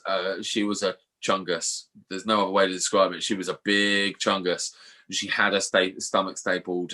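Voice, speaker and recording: A man's voice: sits low, pushed and bright. A man co-hosting a podcast, telling a story in casual chat and swearing freely. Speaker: podcast co-host.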